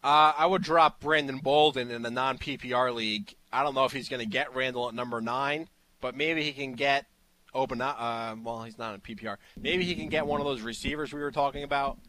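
A male sports radio host with a bright voice, talking in a relaxed, easygoing way. His pitch sits in the middle. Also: brisk. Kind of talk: casual sports radio talk.

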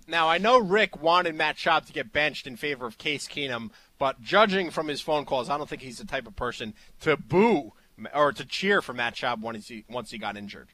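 A man's voice: a little high, expressive, normal speed, sharp tone. A man co-hosting a fantasy football radio show, chatting in an easygoing way and giving advice. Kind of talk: casual sports radio talk.

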